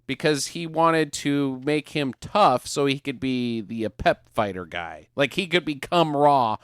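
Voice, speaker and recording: A man's voice: mid-range voice, lively intonation, measured pace, clean tone, no room sound, studio quality. A man hosting a podcast, joking crudely while riffing on a bad movie with friends. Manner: joking, crude, slips into silly voices. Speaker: podcast host.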